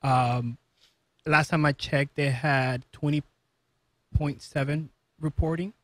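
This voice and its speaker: A man's voice: fairly high pitch, fairly even intonation, slow pace, dry recording. A man co-hosting a casual talk show, giving brief, easygoing replies. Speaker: co-host.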